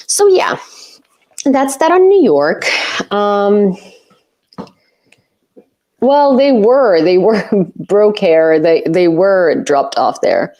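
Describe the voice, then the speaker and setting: A woman's voice: medium pitch, expressive, extremely slow, pauses often, dark tone, dull audio. A young adult woman from Ukraine hosting a casual livestream chat, rambling with lots of fillers and frequent laughs. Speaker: host, independent reporter.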